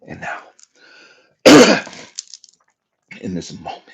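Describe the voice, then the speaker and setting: A man hosting a livestream, telling an emotional personal testimony in a raw, profane storytelling manner. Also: drawn-out words. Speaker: livestream host.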